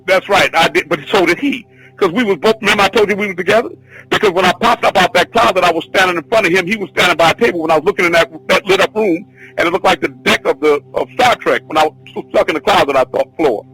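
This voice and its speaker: A man teaching a spiritual class, telling a long personal story in an excited, rambling, repetitive way. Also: high-pitched, quick pace, slightly rough, faint music behind, rough recording. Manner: excitable, repetitive, restarts often. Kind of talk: rambling spoken testimony.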